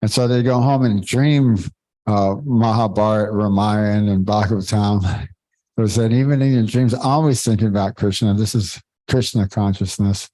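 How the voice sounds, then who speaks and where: A man leading a devotional scripture class, talking informally and haltingly, searching for words and chuckling between points. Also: lowish voice, mellow, dry recording, rough recording.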